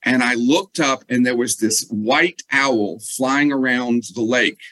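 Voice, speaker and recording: A man's voice: mid-range voice, a bit bright, no echo, poor audio. Earnest man telling his story. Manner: earnest, halting, with many restarts. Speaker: guest. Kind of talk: candid interview storytelling.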